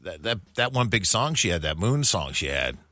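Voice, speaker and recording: Lower-voiced man with very bright tone. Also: very animated, normal speed, no echo, clean studio sound. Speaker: radio co-host. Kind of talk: casual radio banter. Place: radio studio.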